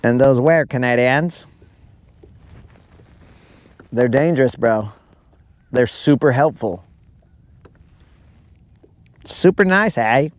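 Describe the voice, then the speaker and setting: This is a man chatting and joking on a fishing livestream from his boat on a lake, rambling goofily and addressing everyone as bro. He speaks slowly at a medium pitch, pausing often, and the recording carries no room sound.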